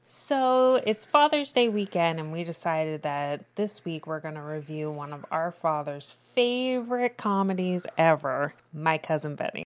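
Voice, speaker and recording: A woman's voice: deep voice, expressive, measured pace, few pauses, slight background noise. A woman co-hosting a casual podcast, chatting as she recaps a movie scene by scene. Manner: chatty, retells scenes with quoted lines. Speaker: podcast co-host.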